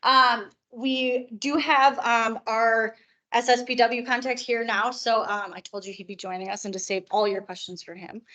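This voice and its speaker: A hoarse woman presenting at a conference, explaining in a chatty way with joking asides. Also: fairly high pitch, steady tone, unhurried, fairly bright tone. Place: conference room.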